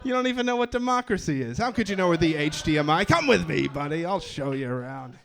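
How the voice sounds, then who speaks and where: A man doing a loud, patronizing store clerk. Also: fairly high pitch, expressive, fast, creaky. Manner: loud, condescending and overly helpful. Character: patronizing cheerful male store employee.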